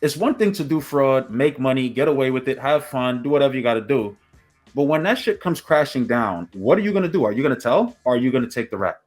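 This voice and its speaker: A man's voice: medium pitch, expressive, quick pace, faint music behind. Earnest man hosting a podcast. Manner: earnest, reflective, frequent affirming hums. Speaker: podcast host. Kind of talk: casual podcast conversation.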